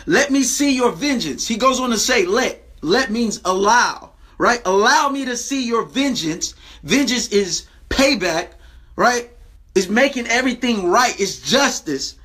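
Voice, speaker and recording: A man with a high, bright voice preaches a Bible lesson straight to his viewers. He talks emphatically and keeps repeating his phrases. He slows down to stress each scripture line and keeps checking in with "right?". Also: lively intonation, slightly rough. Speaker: preacher and video host.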